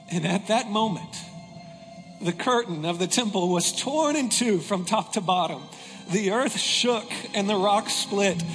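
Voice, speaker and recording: High-voiced male preacher, dramatic and solemn. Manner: dramatic reading, dropping to hushed intensity. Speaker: pastor. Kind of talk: sermon with scripture reading. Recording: long reverb with music underneath. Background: soft music.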